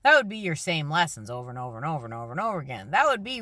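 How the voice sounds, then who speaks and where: A woman giving a rambling, earnest spiritual talk while parked in her car beside a busy highway. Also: sing-song, very fast, hardly any pauses, sharp tone. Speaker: spiritual vlogger. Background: traffic noise.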